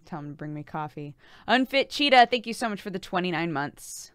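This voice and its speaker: A playful woman streamer in casual chat who laughs easily. Her pitch jumps around a lot. The sound is dry and close to the mic. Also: lively intonation, brisk, smooth, no echo.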